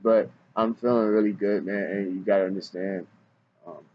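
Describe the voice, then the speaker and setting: A man's voice: on the low side, steady tone, normal speed, dull audio, a little hiss or hum. A man rambling in a casual vlog monologue, slangy and self-mocking, often breaking into laughs. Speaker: vlogger.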